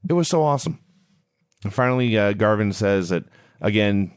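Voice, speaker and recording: A man's voice: medium pitch, animated, fairly quick, no echo, studio quality. A man co-hosting a casual podcast, recapping old matches and promos play by play in a chatty way. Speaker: podcast co-host.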